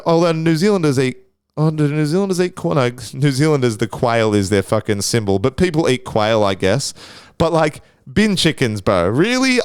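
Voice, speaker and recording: An Australian man hosts a casual solo podcast in a smooth, medium-pitched voice, recorded at studio quality with no room sound. He rambles crudely, swears constantly, and keeps restarting his sentences.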